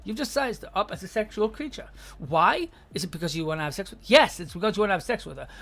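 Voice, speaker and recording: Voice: mid-range voice, animated, fast talker, fairly bright tone. An advice-show host in a casual monologue, talking bluntly with plenty of swearing and acting out sample lines of dialogue.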